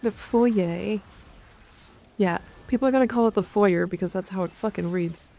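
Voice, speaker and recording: Gravelly-voiced woman streamer, profane and offhand. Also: mid-range voice, normal speed, mellow. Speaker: game streamer. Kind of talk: casual gaming stream chat. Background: faint background music.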